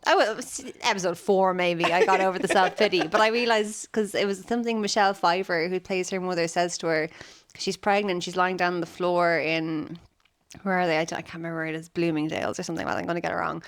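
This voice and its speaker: An Irish comedian in her thirties, a guest on a podcast, chats casually in a lowish, fast voice. She tells stories with real animation and acts out the voices of the people in them.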